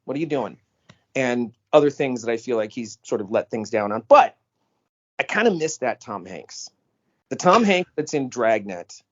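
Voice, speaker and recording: A man co-hosting a podcast in casual chat, talking animatedly and jumping up in pitch when he quotes people. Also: expressive, normal speed, dull audio. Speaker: podcast co-host. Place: on a phone call.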